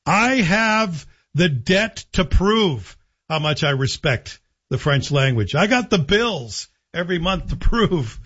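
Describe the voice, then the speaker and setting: A man's voice: a little high, sing-song, takes it slowly, fairly bright tone, husky. A man hosting a talk radio show, giving opinionated commentary with sarcastic, joking asides. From Canada. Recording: dull lo-fi broadcast audio.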